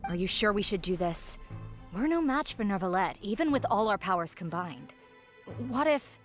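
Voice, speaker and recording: A woman's voice: mid-range voice, big pitch swings, moderate pace, faint music behind, natural voice. A woman voicing a bitter, hostile female conspirator in a video game, contemptuous in tone. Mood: uneasy.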